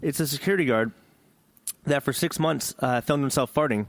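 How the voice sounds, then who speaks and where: A man's voice: mid-range voice, moderate pace, dry recording. A man hosting a gaming podcast in casual chat, joking, rambling and swearing. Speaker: podcast host.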